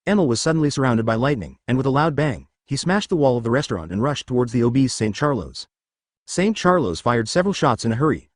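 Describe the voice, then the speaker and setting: A man narrating a story in a scripted reading style, brisk and animated. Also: mid-range voice, dry recording, studio quality.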